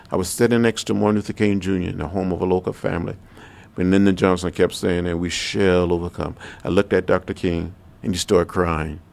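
An older man, a congressman, recounting history in a slow, measured interview with repeated phrases. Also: low voice, creaky, darkish tone.

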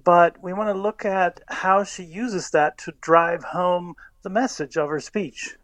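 A man, a linguistics professor, explaining speech patterns in a measured way as a radio interview guest. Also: high-pitched, fairly even intonation, a bit bright, no room sound.

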